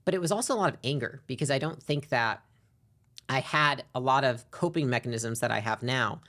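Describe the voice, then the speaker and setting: A young adult woman, a podcast guest, frankly telling a personal story, reflective, sometimes rushing and sometimes dropping quiet. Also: extremely low pitch, animated. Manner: frank and reflective, often speeding up and trailing off quietly. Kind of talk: candid personal story in an interview.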